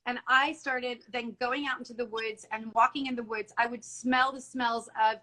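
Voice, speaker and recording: Woman, middle-aged, interview guest, earnest, emotional, bright tone. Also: a little high, steady tone, normal speed, low-quality recording. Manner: earnest and emotional, many restarts and quoted dialogue. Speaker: salon owner guest. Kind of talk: candid interview talk.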